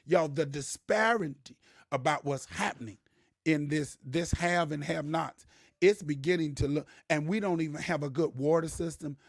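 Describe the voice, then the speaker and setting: A man hosting a live talk show for his viewers, animated and preachy, repeating words and getting louder to stress a point. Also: a little high, normal speed, no room sound, studio quality. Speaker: host.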